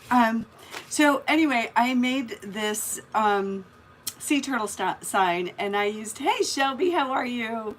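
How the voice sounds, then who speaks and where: A woman's voice: fairly high pitch, fairly bright tone, a little hiss or hum. A woman hosting a casual live craft stream, chatting and greeting viewers by name as she works. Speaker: craft livestream host.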